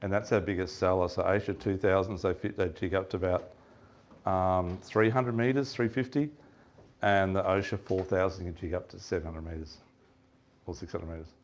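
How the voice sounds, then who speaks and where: A man telling a lively fishing story at a live seminar, laughing and acting out what his mates said. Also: low-pitched, moderate pace. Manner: chatty, laughing, acts out quoted lines. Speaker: fishing shop presenter.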